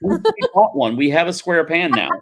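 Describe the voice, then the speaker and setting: Guy on a stream, lively up-and-down voice, jokey, swears a lot. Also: a little high, normal speed. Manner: animated, swears casually, jokey. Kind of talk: casual chat on a livestream.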